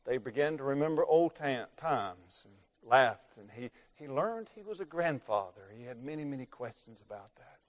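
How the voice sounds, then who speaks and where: Man preaching with dramatic loud-soft swings. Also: medium pitch, expressive. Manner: dramatic, swings between loud emphasis and hushed near-whispers, slows for key words. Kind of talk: sermon storytelling.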